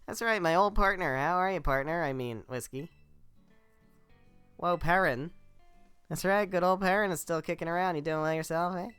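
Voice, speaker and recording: A man's voice: fairly high pitch, normal speed, pauses often, fairly bright tone, clean tone, no room sound, faint music behind, pitched above the performer's own voice, lightly acted. A man reading the lines of a friendly, chatty young woman photographer in a video game, in an upbeat manner. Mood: cheerful.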